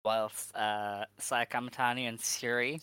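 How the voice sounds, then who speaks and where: Bloke telling a story on a podcast, bright voice, dry sound, full of ums. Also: male voice, medium pitch, flat delivery, a little slow, smooth, dry recording. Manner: storytelling with many fillers, laughs through. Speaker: podcast co-host. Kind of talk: casual chat.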